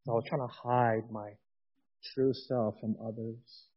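A man in his forties giving a personal testimony in a sermon, swinging from loud emphatic bursts to quiet intimate asides. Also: medium pitch, level tone, measured pace, breathy edge, highs cut off.

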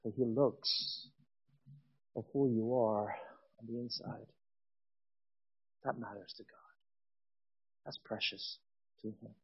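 A man in his forties giving a personal testimony in a sermon, swinging from loud emphatic bursts to quiet intimate asides. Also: fairly low pitch, steady tone, slow, long pauses, slightly rough, highs cut off.

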